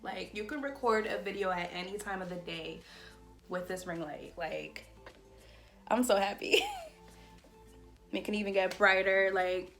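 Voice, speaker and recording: A woman's voice: mid-range voice, normal speed, soft background music. Chatty young woman unboxing gear at home. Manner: chatty, excitable, says "like" and "y'all" a lot. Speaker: beauty vlogger. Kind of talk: casual unboxing vlog. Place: bedroom at home. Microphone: phone or camera on a tripod.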